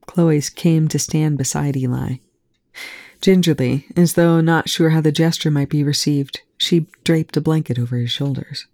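A reader giving even, measured narration of a fan fiction audiobook. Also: mid-range voice, no echo, studio quality.

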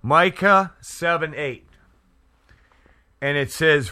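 A man hosting a Christian radio talk show, speaking fervently and haltingly, with many restarts and fillers. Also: a little high, pushed and bright, smooth. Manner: fervent, prays aloud. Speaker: Christian internet radio host. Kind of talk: casual faith talk show. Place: Edmonton area.

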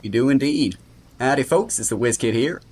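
A man's voice: mid-range voice, lively intonation, brisk, over music, natural voice. A man hosting a trivia segment in a put-on Southern US accent, folksy and hammy.

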